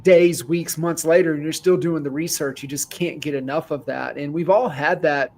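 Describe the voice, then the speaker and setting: A man's voice: a little high, steady tone, moderate pace, a little mellow, a little hiss or hum, rough recording. A man hosting a business podcast who asks long, enthusiastic, rambling questions. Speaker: podcast host. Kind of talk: conversational interview.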